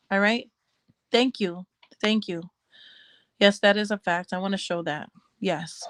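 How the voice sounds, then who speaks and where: A woman's voice: mid-range voice, steady tone, a little slow, long pauses, fairly bright tone, no echo, low-quality recording. A woman ranting emotionally to her viewers in casual talk, heated and repetitive, with religious asides. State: crying. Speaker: commentary vlogger.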